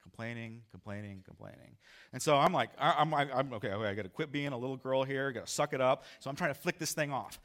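A male pastor telling a story in a sermon, animated and acting out his own lines loudly. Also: medium pitch, fast.

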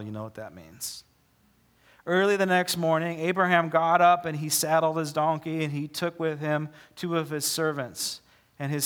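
Pastor, male, conversational sermon with jokes, drawn-out dramatic scripture reading. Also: on the high side, fairly bright tone. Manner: casual, joking asides between slow dramatic scripture reading.

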